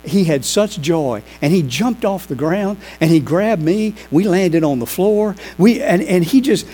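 Animated man preaching a sermon. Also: a little high, moderate pace, few pauses, rough recording. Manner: animated, acts out quoted voices. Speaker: pastor. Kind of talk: sermon with storytelling.

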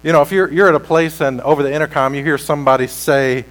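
A man preaching a sermon as pastor, slow and deliberate, building to loud, emphatic peaks while sweating. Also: fairly high pitch, steady tone, rough recording.

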